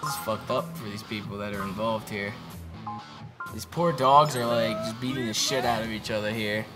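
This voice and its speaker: A man streaming a video game with a friend, swearing a lot and shouting at the screen. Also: lowish voice, normal speed. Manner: profane, excitable, yells at the game. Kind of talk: casual gaming stream banter. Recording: game music playing behind.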